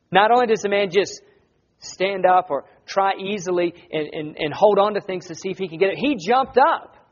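A man preaching a sermon in an earnest, conversational way that rises to loud emphasis. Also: high-pitched, lo-fi sound.

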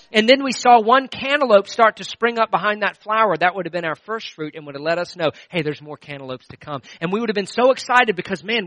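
A middle-aged male pastor preaching a sermon in a conversational, storytelling way, with frequent restarts and swings between loud and hushed. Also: high voice, no room sound, low-quality recording.

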